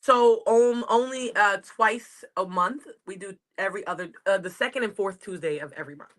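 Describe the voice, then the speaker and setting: Woman, New York accent, comedian guest, video call, rambling casual chat, bright tone. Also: medium pitch, moderate pace. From United States. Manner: rambling, chatty, laughs easily.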